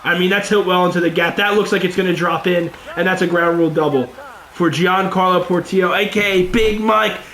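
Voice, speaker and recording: A young man with a slightly high voice gives casual, excitable commentary over his baseball video game. He chats straight to his viewers as "boys", and his voice sounds roomy and echoey, with a faint hum of ambience behind it. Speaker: gaming YouTuber. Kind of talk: let's play commentary.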